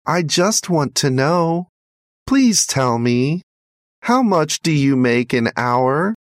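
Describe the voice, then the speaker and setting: A man's voice: lively intonation, takes it slowly, dry recording, studio quality. Man doing a pleading five-year-old boy. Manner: small, earnest, high-pitched.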